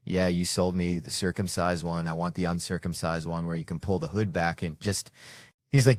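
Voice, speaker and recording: A man's voice: low voice, fairly quick, no echo. A man telling a stand-up story in a rowdy, profane manner, imitating the people in it. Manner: rowdy, profane anecdotes with mimicked voices. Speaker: stand-up comedian.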